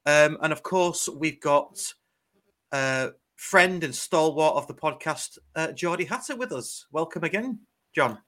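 A man's voice: a little high, lively intonation, unhurried, sharp tone. An Englishman co-hosting a casual fan podcast, laid-back and hesitant with fillers. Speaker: co-host.

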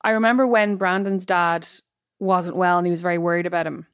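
A woman co-hosting a casual chat, quick and teasing. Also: lowish voice, steady tone, no echo, studio quality.

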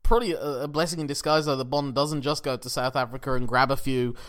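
A man with a mid-pitched voice co-hosts a casual film podcast. He talks in long analytical runs, restarting his sentences often. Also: steady tone, quick pace, fairly bright tone. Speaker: podcast co-host.

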